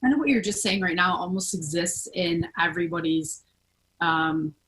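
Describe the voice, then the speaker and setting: A woman's voice: fairly low pitch, moderate pace, a bit bright, rough recording. A woman hosting a podcast, chatting casually and thinking aloud, with many fillers and restarts. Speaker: podcast host. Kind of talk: casual conversational chat.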